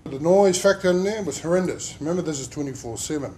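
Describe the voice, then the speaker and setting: An injured worker shares his emotional personal story during a workplace safety talk, rambling along with lots of filler words. He speaks quickly in an expressive, mellow voice on the high side.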